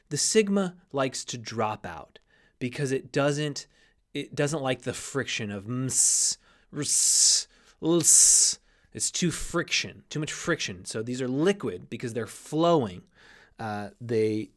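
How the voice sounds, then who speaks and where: Guy teaching grammar, mid pitch, keeps restarting, spells letters out slow. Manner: explanatory, restarts often, spells out letters slowly. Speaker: Greek teacher. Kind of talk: recorded grammar lesson.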